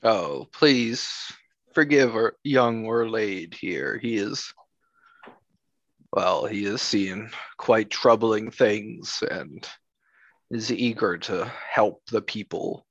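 A man's voice: on the low side, takes it slowly, no echo, highs cut off. A man voicing a polite, persuasive male villain in a tabletop game. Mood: courtly. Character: smooth-talking male deceiver, adult.

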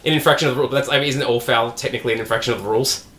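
A man co-hosting a podcast in casual chat, animated and swearing freely, often trailing off mid-sentence. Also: medium pitch, very fast, reverberant, a little hiss or hum. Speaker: podcast co-host.

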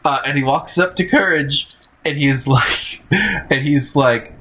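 A man's voice: fairly high pitch, slow pace, fairly bright tone, slight background noise. A man in casual chat, recapping a cartoon episode in a rambling way with lots of fillers.

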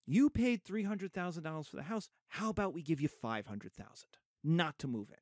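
A man reading the part of a falsely courteous white homeowners' representative in a soft voice. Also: a little high, lively intonation, fairly quick, no echo, studio quality. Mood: smarmy. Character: polite condescending white neighborhood representative.

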